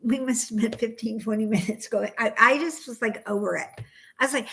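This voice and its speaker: A middle-aged woman co-hosting a knitting podcast in casual chat, ranting with bursts of loud exasperation. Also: a little high, fairly quick. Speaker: podcast co-host.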